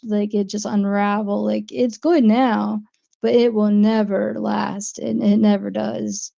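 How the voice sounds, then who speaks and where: A woman's voice: mid-range voice, vocal fry, warm tone, dull audio. A woman with a New Jersey accent, chatting casually on her livestream, rambling and answering viewer comments. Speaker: livestream host.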